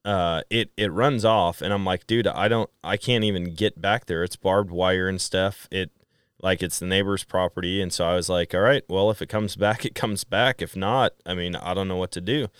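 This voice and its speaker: A middle-aged man from Wisconsin, a podcast guest who tells stories in a casual, animated way and acts out quoted dialogue. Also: low-pitched, moderate pace, clean tone, dry recording, clean studio sound. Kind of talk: casual storytelling chat.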